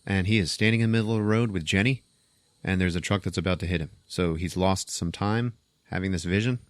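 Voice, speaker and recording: A man hosting a podcast, casually retelling a film's plot as an animated, profane storyteller. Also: sits low, fast talker, dry recording, clean studio sound. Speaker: podcast host. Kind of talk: casual movie recap.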